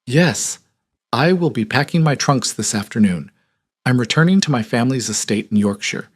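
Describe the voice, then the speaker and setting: A man voicing a composed young duchess who speaks low, even and cold in a storybook reading. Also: moderate pace, lightly acted.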